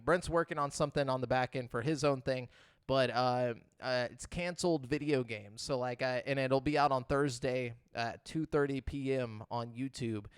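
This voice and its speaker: A young man co-hosting a podcast in a relaxed, joking way, with a smooth, clear voice. He laughs easily and stops to restart his sentences. His voice is close and dry, with no room sound. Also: mid-range voice, dry recording. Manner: joking, laughs often, many fillers and restarts. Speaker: podcast co-host. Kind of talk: casual podcast chat.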